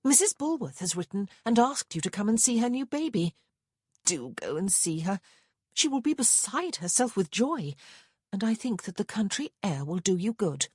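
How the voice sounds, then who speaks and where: Woman playing a stern bossy big sister, emphatic, commanding, lively pitch, dry close sound. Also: moderate pace, breathy edge, no room sound.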